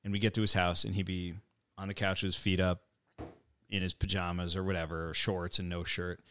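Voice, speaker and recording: A middle-aged man co-hosting a casual podcast, joking and jumping in with quick remarks. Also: deep voice, smooth. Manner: quick interjections, jokey, lively delivery. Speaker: podcast host. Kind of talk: casual chat.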